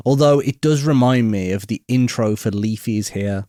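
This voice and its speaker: A man's voice: medium pitch, normal speed, mellow, no room sound, clean studio sound. An English man co-hosting a podcast, talking bluntly and jokily about an album and swearing freely. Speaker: podcast co-host. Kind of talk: casual music review chat.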